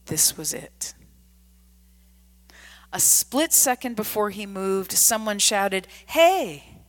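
A woman narrating a story in a scripted reading, hushed and often dropping to a whisper. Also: mid-range voice, takes it slowly.

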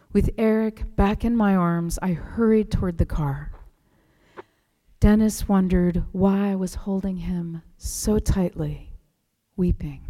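A woman preacher reads a story aloud within her sermon, in a soft, hushed delivery that often sinks to a whisper. She speaks slowly, and her voice has a mellow, dark warmth. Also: lowish voice, long reverb tail.

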